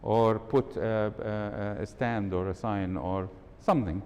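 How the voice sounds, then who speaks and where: This slow, steady-toned man has a slightly mellow voice as he delivers a live workshop talk in an event hall, asking the audience questions and demonstrating tones of voice. The hall's long reverb and a faint rumble come through.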